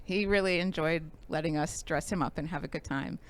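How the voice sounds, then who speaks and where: A woman appearing as a guest on a talk show, soft-spoken and halting with frequent fillers as she talks. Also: deep voice. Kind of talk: casual interview.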